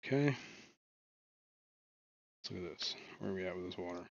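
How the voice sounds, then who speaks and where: A man's voice: deep voice, moderate pace, creaky, no echo, dull audio. A man hosting a casual livestream from his fish room, rambling with muttered asides and lots of fillers. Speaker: livestream host.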